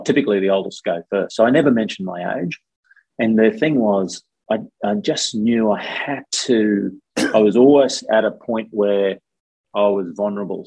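Aussie guy in his 50s, low husky voice, rambling chatty stories, dry close sound. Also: mellow, no echo, rough recording. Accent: Australian. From Australia. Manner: rambling anecdotes with many fillers. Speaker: guest, former contestant. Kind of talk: casual storytelling interview.

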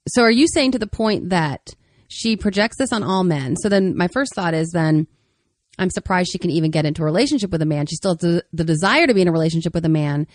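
A woman's voice: lowish voice, lively intonation, quick pace, no echo, studio quality. A woman co-hosting a podcast conversation, listening attentively and asking reflective follow-up questions. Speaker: podcast co-host.

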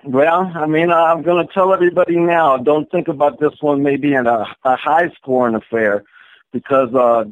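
A man's voice: mid-range voice, no room sound. A man from Minnesota calling in to a sports show, easygoing with frequent restarts. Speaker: caller. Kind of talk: phone call-in chat. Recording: tinny dry phone line.

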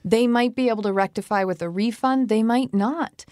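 A woman's voice: a little high, moderate pace, a little mellow, no room sound, clean studio sound. Chatty woman giving practical advice. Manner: conversational, tells personal anecdotes with acted-out quotes. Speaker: co-host. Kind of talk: casual advice chat.

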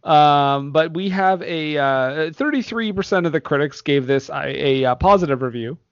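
A man's voice: on the high side, normal speed, no room sound, highs cut off. A man hosting a casual movie podcast, laughing often as he reads reviews aloud. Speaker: podcast host.

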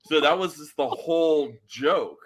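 A man, a guest band member, telling animated stories in a casual podcast chat, swearing and repeating himself. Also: on the high side, a little slow. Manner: animated storyteller, swears freely, repeats words.

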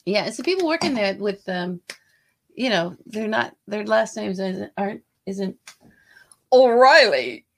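A woman co-hosts a podcast with a voice of middling pitch. She chats casually about politics, often breaking off mid-thought and starting her sentences again. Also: animated, unhurried, vocal fry. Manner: chatty, trails off and restarts mid-sentence. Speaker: podcast co-host.

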